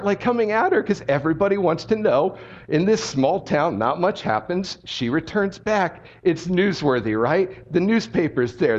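A man with a high voice preaches with lively, direct storytelling, talking to the room like a friend. The sound is dull and muffled, as if from a low-fidelity recording. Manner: animated storytelling, conversational and direct. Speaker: pastor. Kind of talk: sermon.

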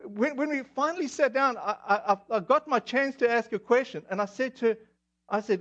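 A man's voice: extremely high pitch, moderate pace, fairly bright tone. A man from South Africa with a South African accent, preaching a sermon in a chatty, self-deprecating way with many fillers. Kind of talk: sermon with personal stories. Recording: dull lo-fi audio.

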